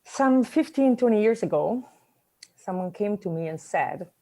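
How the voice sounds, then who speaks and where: A woman with a mellow, warm voice delivers a motivational talk in English, her second language. She tells her story reflectively and leaves pauses between her thoughts. Her voice sits at a middle pitch for a woman. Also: expressive. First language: not English. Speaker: speaker giving a short talk.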